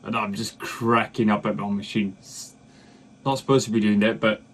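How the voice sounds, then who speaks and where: A man's voice: on the low side, fairly even intonation, moderate pace, slight background noise. A South African man hosting a reaction video, chatting casually and laughing along with a comedy clip. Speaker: reaction channel host.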